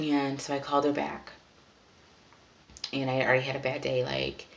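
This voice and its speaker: A young woman rambles through a frustrated vlog rant, full of fillers and restarts. Her voice sits very low with a gravelly fry. A faint hiss of noise runs underneath. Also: little pitch movement, normal speed, long pauses. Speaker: vlogger. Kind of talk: casual vlog venting.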